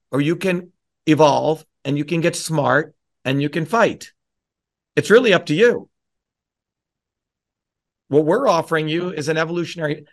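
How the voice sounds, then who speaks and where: A middle-aged man lectures a town hall crowd in a fairly high voice. He is blunt and preachy, and he keeps pressing his listeners with "okay?" and "right?". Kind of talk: lecture to a live audience.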